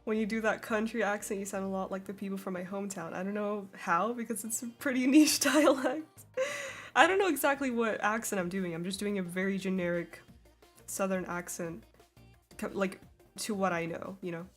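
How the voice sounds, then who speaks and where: A giggly young woman chats with her viewers while drawing on a live stream, laughing often as she talks. Her voice sits at an ordinary middle pitch for a woman. Faint music plays softly behind her. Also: a little fast. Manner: giggly, chatty, frequent laughs. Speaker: streamer drawing and reading chat. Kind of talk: casual live-stream chat. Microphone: desk microphone.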